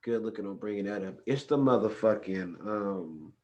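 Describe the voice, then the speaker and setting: A man from California, hosting a podcast in a casual, profane, animated storytelling style. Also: lowish voice, moderate pace, highs cut off. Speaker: podcast host. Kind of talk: casual chat.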